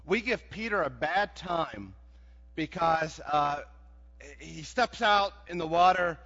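A man preaching a sermon in a folksy, animated way, building to shouts. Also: fairly high pitch, takes it slowly. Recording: dull sound with long hall reverb.

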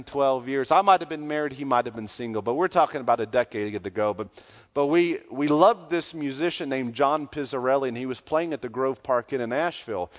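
A pastor preaching a sermon, telling a story in a conversational way that grows loud when excited. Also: male voice, mid-range voice. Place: church sanctuary. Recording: dull sound with long church reverb.

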